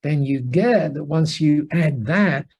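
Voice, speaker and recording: A man being interviewed as a business mentor, telling an animated anecdote full of asides and restarts. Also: fairly high pitch, slow, breathy edge, low-quality recording. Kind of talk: conversational storytelling interview. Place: lives in Singapore.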